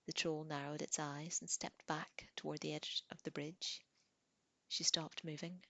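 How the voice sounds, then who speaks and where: A woman narrating a book chapter aloud in a calm, measured way. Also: low-pitched, no echo. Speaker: audiobook reader. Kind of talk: audiobook narration.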